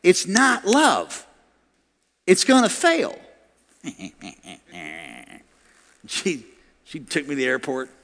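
A male pastor preaching a sermon, animated and laughing, acting out quoted voices. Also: sits high, slow, vocal fry, long pauses, big-room sound.

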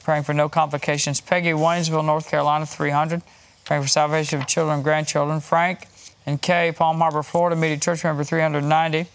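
A man's voice: a little high, level tone, fast talker, slight background noise. A man hosting a Christian broadcast, reading donors' names, places and prayer requests with light chuckles. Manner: warm, chuckling, reads names and places in a list. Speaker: host reading donations.

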